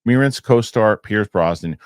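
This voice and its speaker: Deep-voiced man hosting a podcast. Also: expressive, measured pace, smooth, no room sound, studio quality. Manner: reads news items aloud, then chats. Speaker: podcast host. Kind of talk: casual podcast chat.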